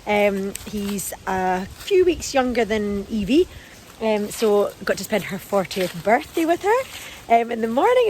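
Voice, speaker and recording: A woman in her forties rambles through a casual walk-and-talk vlog, her voice swinging widely up and down. She talks into a handheld camera outdoors, and clear background noise sits under her voice. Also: rough recording. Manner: chatty and rambling, calling her dog in a high sing-song. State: out of breath. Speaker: lifestyle vlogger. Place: outdoors in a garden and field.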